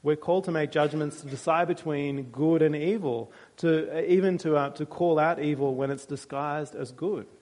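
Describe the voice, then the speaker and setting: A man's voice: on the high side, normal speed, hardly any pauses, darkish tone. A male pastor preaching a sermon in a church, conversational and with dry humor.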